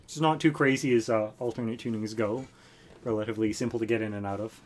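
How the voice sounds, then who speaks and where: A man's voice: lowish voice, steady tone, fast. A man hosting a music livestream, chatting casually between songs, thanking viewers and taking requests in an easygoing way. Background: acoustic guitar playing.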